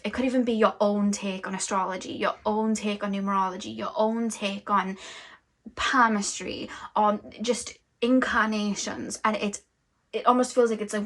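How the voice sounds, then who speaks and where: Woman, tarot reader, spiritual channeling, rambling delivery, steady mid pitch, little melody. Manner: flowing, rambling, many fillers. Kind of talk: intuitive tarot reading.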